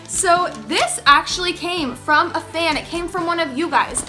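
A young woman vlogging, gushing and gasping with excitement as she talks to her viewers. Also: extremely high pitch, moderate pace, soft background music. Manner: gushing, gasping, easily thrilled. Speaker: beauty vlogger. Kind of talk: excited casual vlog talk.

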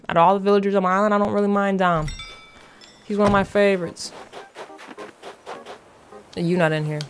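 A woman giving casual gameplay commentary as a vlogger, excitable, rushed and playfully dramatic. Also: medium pitch. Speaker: gaming vlogger.

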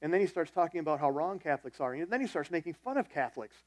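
A man's voice: a little high, animated, racing, dry recording. A man preaching a sermon as the church's pastor, telling a personal story in a conversational, self-deprecating way.

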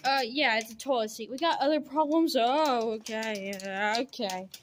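A woman in a homemade comedy series, excitable and given to squeals and shrieks during playful pretend play. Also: a little high, normal speed, slight background noise.

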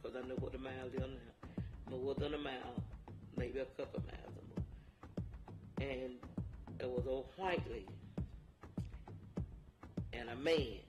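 A woman's voice: very deep voice, steady tone, measured pace, long pauses, highs cut off. An older woman, giving a personal account in dialect speech, repeating phrases for emphasis. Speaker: interviewee. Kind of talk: personal testimony. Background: music.

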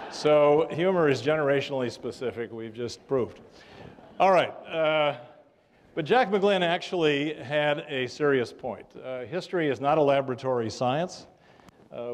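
An older man lecturing on history to a live audience, his voice sitting in an ordinary middle register. He tells his stories with a dry, wry humor and an unhurried, conversational delivery full of little fillers. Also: medium pitch. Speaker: history professor giving a lecture. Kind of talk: public lecture with anecdotes.

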